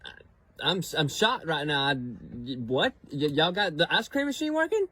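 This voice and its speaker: A high, bright, husky customer played by a man in a comedy sketch, stammering and excitable, his voice leaping up and down. He is recorded dry, close to the mic. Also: moderate pace, dry recording, heavily acted. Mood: flustered. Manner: excitable, stumbling over his words. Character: flustered stammering male drive-thru customer.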